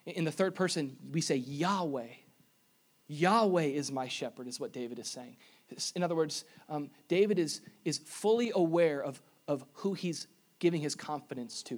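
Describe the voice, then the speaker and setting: A man preaching a sermon to a congregation in a church, moving between quiet intimate asides and loud emphatic appeals. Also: a little high. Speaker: pastor. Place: church sanctuary before a congregation.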